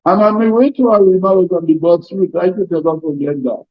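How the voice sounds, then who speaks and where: High-voiced older Trinidadian union man. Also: fast, dry recording, lo-fi sound. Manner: emphatic, repetitive, folksy storytelling. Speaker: trade union president. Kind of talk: seminar speech with anecdotes.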